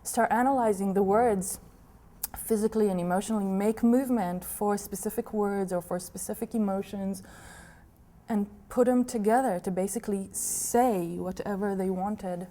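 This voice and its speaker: A woman from Israel, a dance teacher, speaking in a documentary interview, thoughtful and quick to laugh. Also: medium pitch, mellow. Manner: slow, thoughtful, laughing often.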